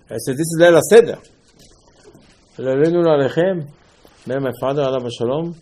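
A man's voice: mid-range voice, low-quality recording. A man teaching a class on the Passover Seder, telling stories, acting out dialogue and repeating his points. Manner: animated storytelling, acts out dialogue, repeats himself. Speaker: rabbi teaching.

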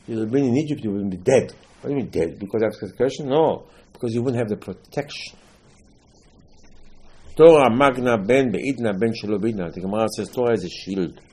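A man preaches a sermon in a husky voice of ordinary pitch. He acts out the figures in his stories and weaves Hebrew terms into his English. His delivery jumps between raised, emphatic bursts and low, quiet asides. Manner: animated storytelling, acts out dialogue, swings between loud emphasis and quiet asides; sprinkles Hebrew terms into English, nonstandard grammar. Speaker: rabbi.

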